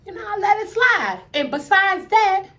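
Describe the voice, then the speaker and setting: A woman's voice: very high-pitched, moderate pace, slight background noise. A woman telling a casual story, acting out the conversations and checking in with the listener. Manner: animated, acts out both sides of conversations. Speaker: storyteller vlogger.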